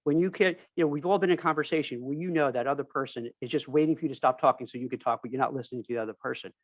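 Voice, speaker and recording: A man's voice: medium pitch, racing, no echo. A man from New York on a recruiting panel, giving emphatic advice with energy. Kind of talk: casual panel discussion.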